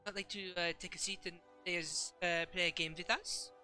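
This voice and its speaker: A man voicing a calm, courteous masked traveler who invites others to play cards. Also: sits high, soft background music. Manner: polite, measured.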